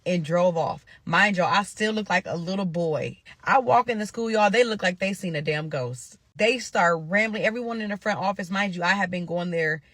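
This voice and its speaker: A young woman from Nebraska telling a story to her viewers in a casual, animated, profane way. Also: lowish voice, moderate pace, hardly any pauses, dry recording. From Omaha, Nebraska.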